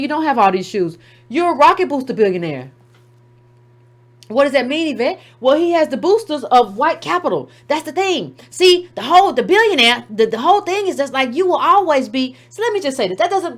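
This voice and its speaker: A woman with a high voice delivers an opinionated commentary monologue as host of her own show. She argues emphatically, fires off rhetorical questions and slips into mocking impressions of others. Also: expressive, moderate pace, fairly bright tone.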